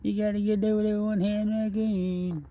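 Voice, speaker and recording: A cheeky, greedy male raccoon , as a man puts him on, jabbering in a high, squeaky voice. The tone is teasing and playful. It is heard outdoors at night. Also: little pitch movement, normal speed, dark tone, close to an everyday voice.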